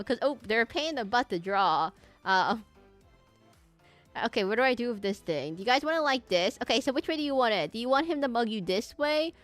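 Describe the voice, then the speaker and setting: A woman's voice: fairly high pitch, bright, forceful tone, no room sound. A woman streamer chatting casually with her viewers while she draws, rambling and amused at herself. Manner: rambling, self-amused, talks to chat. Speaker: streamer drawing requests live. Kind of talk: casual live-stream chat while drawing.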